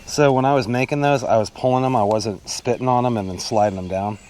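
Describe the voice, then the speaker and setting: A man's voice: mid-range voice, brisk, a little mellow. A man hosting a fishing vlog, chatting casually and plainly outdoors on a creek bank. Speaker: fishing vlogger.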